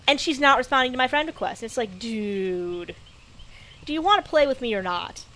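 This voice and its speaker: A woman's voice: high voice, lively intonation, quick pace, sharp tone, a little hiss or hum. A woman streamer giving casual gameplay commentary, chatty and grumbling, talking to the game's characters. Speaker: gaming streamer.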